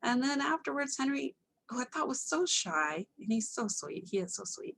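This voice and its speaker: Woman, storyteller, casual and animated, self-mocking humor, home mic. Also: brisk. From Texas. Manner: animated, acts out quoted voices with sudden pitch jumps; candid, self-mocking asides. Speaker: storyteller presenting her life story to an online audience.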